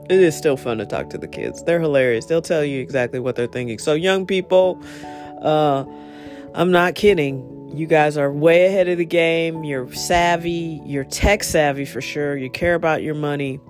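A speaker telling a casual story and giving advice, rambling with many asides and fillers, getting animated when retelling exchanges. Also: mid-range voice. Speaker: monologue speaker.

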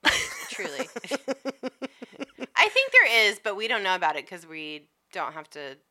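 A woman's voice: lowish voice, huge pitch swings, normal speed, bright, forceful tone. A woman co-hosting a podcast, chatting casually in a playful, giggly way. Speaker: podcast co-host. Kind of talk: casual chat.

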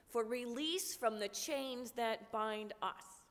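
A woman pastor with a cold preaching a sermon, slow and earnest with touches of humor. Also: a little high, a bit bright. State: has a cold, coughing. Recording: long reverb of a large room.

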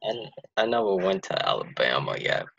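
A young man with a Boston accent answers in brief, low-key replies. His voice is very deep, husky and gravelly, and it swoops widely in pitch. It comes through a dull, lo-fi recording. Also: wildly swooping pitch, moderate pace, a bit bright, no echo. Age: 20s. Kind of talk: casual podcast chat.

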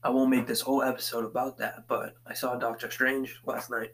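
A man's voice: medium pitch, little pitch movement, a little fast, fairly bright tone, rough recording. A man from the Boston area hosting a casual solo podcast from his basement, rambling from thought to thought and swearing constantly as he paces back and forth. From Boston area, USA. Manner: profane, meandering, swears constantly. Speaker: podcast host.

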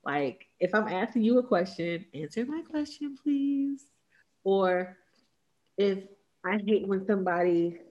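A woman co-hosting a podcast in casual chat, blunt and animated, quick to laugh at herself. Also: fairly low pitch, muffled recording. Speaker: podcast co-host.

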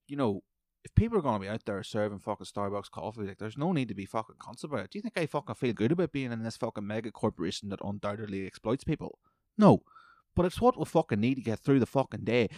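A man's voice: lowish voice, sing-song, quick pace, darkish tone, dry recording, clean studio sound. A man, hosting a podcast and telling a heated, profanity-heavy story. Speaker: podcast host. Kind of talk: profane ranting monologue.

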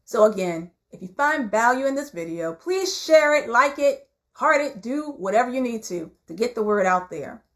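A woman who hosts a podcast and works as a therapist, giving casual, folksy motivational talk and dropping to a soft near-whisper when she reassures. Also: a little high, expressive, normal speed.

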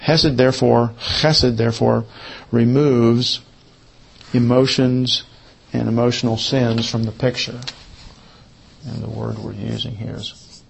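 A man teaching a Bible study lesson, who repeats his key points slowly, as if for note-taking. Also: medium pitch, little pitch movement, vocal fry, breathy edge.

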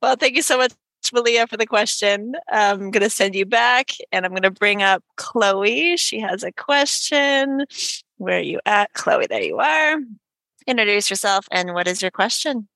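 A woman's voice: medium pitch, moderate pace, creaky, bright, forceful tone, no echo. A woman hosting a podcast interview over a video call, upbeat and encouraging as she moves between guests. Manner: upbeat, encouraging, laughing asides. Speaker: podcast host. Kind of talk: interview with live questions.

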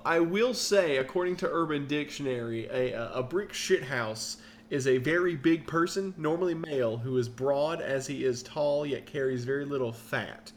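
A man's voice: medium pitch, normal speed, few pauses, a little hiss or hum. A man co-hosting a podcast in casual comic banter, chiming in dryly and reading aloud.

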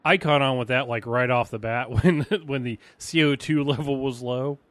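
A man's voice: medium pitch, fairly even intonation, moderate pace, fairly bright tone, no echo. A man co-hosting a podcast, chatting casually about a TV episode in a laid-back way and laughing easily. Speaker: podcast co-host. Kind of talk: casual chat reviewing a TV episode.

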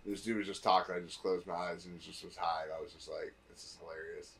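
A man's voice: sits low, fairly even intonation, fast, fairly bright tone. A man co-hosting a podcast, telling an anecdote in laid-back casual chat. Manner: storytelling, laid-back, laughs often. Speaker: podcast co-host.

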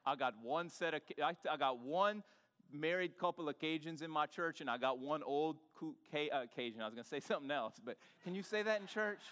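Male pastor, animated and chatty with the pews, a touch high-pitched, long hall echo. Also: fairly quick. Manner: animated, banters with the congregation. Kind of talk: sermon. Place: church sanctuary.

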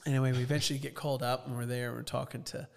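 Gravelly podcast co-host telling a story. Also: male voice, mid-range voice, flat delivery, very fast, big-room sound, slight background noise. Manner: storytelling, swears casually. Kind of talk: casual podcast chat.

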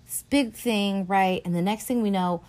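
A woman's voice: medium pitch, moderate pace, a little mellow. A woman hosting a podcast, recapping a film in a chatty, profane way and acting out lines from it. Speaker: podcast host.

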